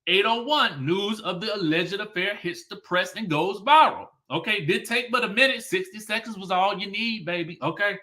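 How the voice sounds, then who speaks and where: A commentator recaps drama casually and animatedly, firing off rhetorical questions and saying "okay" a lot. His voice sits high, pushed and bright, moving at a moderate pace with few pauses.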